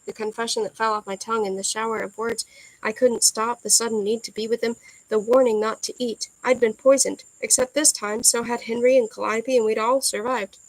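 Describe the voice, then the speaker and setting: A woman reading a first-person novel aloud in a soft, earnest storytelling manner. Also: on the high side, level tone, brisk, no echo, low-quality recording. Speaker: audiobook reader.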